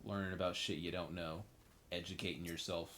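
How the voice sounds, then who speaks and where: A man's voice: deep voice, level tone, fairly quick, a bit bright, a little hiss or hum. A man streaming a video game, making crude jokes and talking to himself and the characters. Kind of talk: casual gameplay commentary. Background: faint game music.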